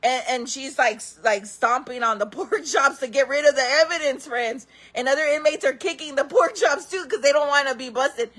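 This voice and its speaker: A woman vlogger telling wild stories in casual talk, laughing often, calling her viewers friends and acting out other people in loud voices. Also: sits high, moderate pace, few pauses. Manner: acts out quoted people in loud raised voices.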